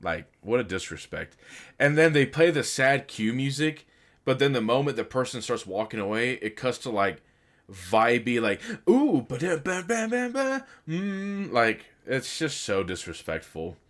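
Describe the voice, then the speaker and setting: A man's voice: medium pitch, expressive, moderate pace, a bit bright. A young man in casual, frustrated commentary, rambling with fillers and swearing. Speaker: video game commentator.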